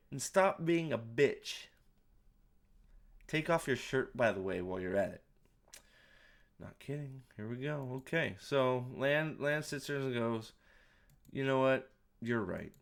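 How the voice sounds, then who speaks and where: Over a show's playback, a reviewer provides casual, snarky commentary, poking fun at scenes and swearing openly. His voice is medium-pitched and gravelly with a fairly bright tone.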